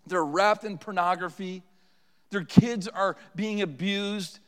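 A middle-aged man preaching a sermon as pastor, swinging between forceful declarations and hushed, quiet questions. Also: high-pitched, slow. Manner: preaching with rising and falling intensity. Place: church sanctuary. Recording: long reverb of a church hall.

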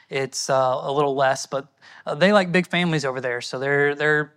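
A man's voice: on the high side, a bit bright, smooth. A man from the United States, a missionary answering audience questions at a church in an earnest, conversational and thankful way.

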